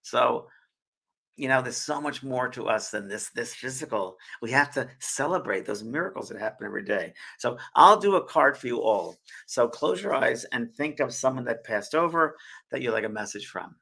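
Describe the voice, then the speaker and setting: A middle-aged man who works as a spiritual medium hosts a chatty live show, at times becoming emotional and tearful while addressing viewers at his desk mic. His voice is mid-range and expressive at a normal speed, sharp-toned, breathy, and touched with vocal fry. The recording quality is rough.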